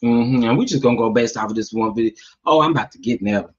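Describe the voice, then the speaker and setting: A man doing casual gossip commentary, sassy and animated, talking straight to his viewers. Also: medium pitch, fast talker, highs cut off. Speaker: commentary vlogger.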